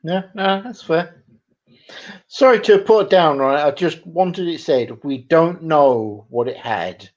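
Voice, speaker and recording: A man's voice: a little high, lively intonation, a little slow. A man co-hosting a casual chat, dry and joking. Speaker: co-host. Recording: muffled lo-fi mic.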